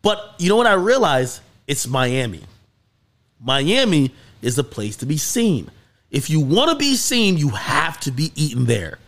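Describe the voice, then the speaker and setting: A man hosting a casual podcast, his voice a little higher than most men's. He tells the story with big swoops in pitch, climbing to excited highs, and swears freely as he goes. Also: unhurried. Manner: animated storytelling, swearing, rising to high excited peaks. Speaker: podcast host.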